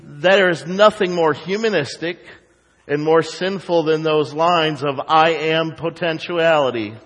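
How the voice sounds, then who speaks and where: A man preaches a sermon from the pulpit, his voice pitched a little high for a man. He swings between quiet, confiding stretches and bursts of animated emphasis, with sarcastic asides to the congregation. A long reverb from the sanctuary trails after his words. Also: unhurried. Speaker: pastor. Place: church sanctuary.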